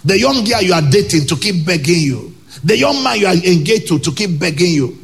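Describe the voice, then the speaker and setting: Male Nigerian preacher, lively swooping delivery, emphatic, pidgin asides, church sermon. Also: high voice, fairly quick, creaky, slightly rough. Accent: Nigerian English. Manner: emphatic, with loud rhetorical questions and pidgin asides. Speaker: pastor.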